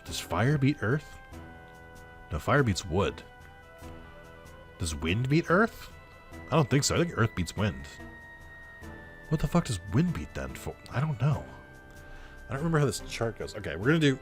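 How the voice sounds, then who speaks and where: Low-voiced man joking through a video game. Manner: rambling, swears, laughs at own jokes; reads game dialogue aloud in put-on voices. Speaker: gameplay commentator. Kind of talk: casual let's-play commentary.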